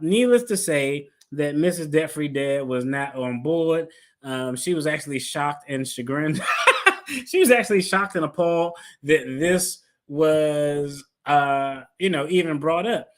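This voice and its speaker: A man's voice: on the high side, a bit bright. A man hosting a finance video, telling a story in a casual, playful way and acting out his own quotes. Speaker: attorney and finance video host.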